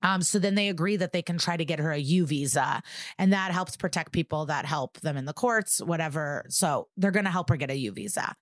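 A woman's voice: low voice, brisk, dry recording, clean studio sound. A young adult woman co-hosting a podcast, retelling a TV episode in casual chat with sarcasm and profanity. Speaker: podcast co-host recapping an episode.

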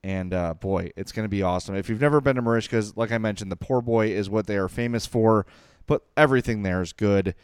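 A middle-aged man, co-hosting a casual sports podcast, gushing and excitable, also reading sponsor spots. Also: lowish voice, fast talker, clean tone, no echo, clean studio sound. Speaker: podcast co-host.

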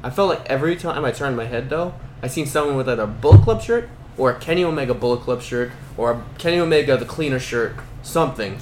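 A man in a casual podcast chat, talking in an expressive, chatty way. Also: mid-range voice, fast, few pauses, roomy sound, noisy background.

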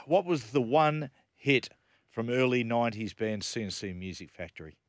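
A man's voice: mid-range voice, animated, normal speed, no echo. A man, hosting a breakfast radio show with playful, jokey patter in a studio. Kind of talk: casual radio banter.

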